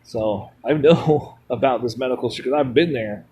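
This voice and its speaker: A man's voice: mid-range voice, moderate pace, a little mellow, husky. A man streaming a mobile game, rambling bluntly between chat replies and swearing freely. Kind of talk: rambling casual chat while gaming.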